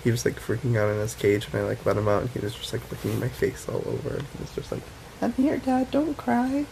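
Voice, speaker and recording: A man's voice: fairly low pitch, little pitch movement, quick pace, vocal fry, a little mellow, slight background noise, rough recording. A young man talking casually to his vlog camera, chatty and rambling with lots of fillers. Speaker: vlogger.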